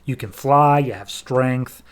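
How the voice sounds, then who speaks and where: A man's voice: mid-range voice, smooth, close to an everyday voice. Man doing an offhand ancient wizard. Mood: explaining. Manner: matter-of-fact, hurried, offhand. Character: ancient weary male wizard, impatient mentor. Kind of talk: casual retelling of a comic with quoted voices.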